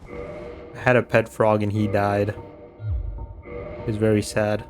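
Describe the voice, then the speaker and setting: A man's voice: lowish voice, completely flat delivery, slow. A man streaming a video game, chatting with his viewers and teasing enemies in a dry, joking way. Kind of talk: casual gameplay commentary. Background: game music.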